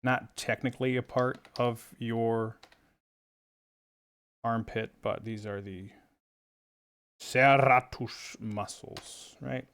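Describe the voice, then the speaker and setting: A man's voice: mid-range voice, fairly even intonation, slow pace, pauses often. A man teaching a drawing tutorial in a playful, chummy, jokey way. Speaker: art instructor.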